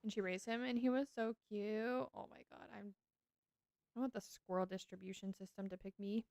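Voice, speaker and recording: Chatty woman streamer with gravelly voice. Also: medium pitch, fairly even intonation, brisk, darkish tone, no room sound. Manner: chatty, talks to chat, gushes over cute animals. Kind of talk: casual game stream chat.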